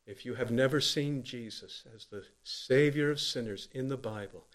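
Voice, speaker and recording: A man preaching a sermon in an earnest voice, swinging from loud emphatic lines to quiet low ones. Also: moderate pace.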